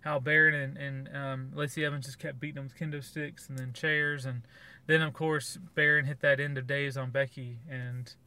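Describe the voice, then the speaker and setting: A man's voice: mid-range voice, level tone, normal speed, sharp tone, clean tone. A man co-hosting a podcast, giving blunt, sarcastic opinions in casual review chat. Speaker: podcast co-host.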